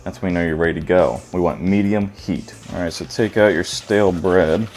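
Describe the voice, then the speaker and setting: A man's voice: low voice, a little fast, a little mellow. A man hosting a casual home cooking video, joking and irreverent as he walks through a recipe in his kitchen.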